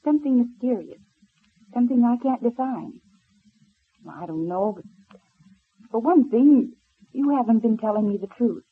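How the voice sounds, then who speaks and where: A woman's voice: on the high side, lively intonation, moderate pace, long pauses, slightly rough. An actress playing a spirited, playful young woman in a 1930s radio serial. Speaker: radio drama actor. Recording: old narrow-band radio transfer.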